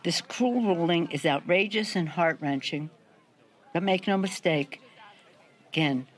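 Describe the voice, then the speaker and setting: A woman delivering a forceful, declamatory political speech. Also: fairly low pitch, a little slow.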